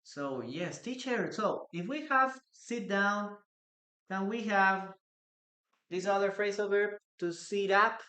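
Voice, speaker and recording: Slow-talking teacher with a Peruvian accent. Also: male voice, high-pitched, bright, forceful tone. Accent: Peruvian Spanish. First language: Spanish. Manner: reads chat questions aloud and answers viewers. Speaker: English teacher. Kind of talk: live online English lesson. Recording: echoey room.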